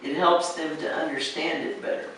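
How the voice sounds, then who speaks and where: An American woman teaching pronunciation, patiently encouraging and saying words slowly to model them. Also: low voice, steady tone, a bit bright. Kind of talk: one-on-one pronunciation coaching. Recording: echoey room, distant mic, faint noise.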